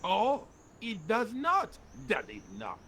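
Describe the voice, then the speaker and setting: A man's voice: high-pitched, huge pitch swings, slow pace, sharp tone, slight background noise, heavily acted. An actor playing a haughty male street juggler with a French accent, mocking and condescending.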